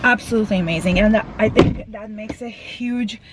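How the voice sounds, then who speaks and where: A woman's voice: mid-range voice, normal speed, very noisy. A woman vlogging casually from inside her car, chatty and rambling with lots of fillers, a bit out of breath, recorded on a phone. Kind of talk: casual vlog chat.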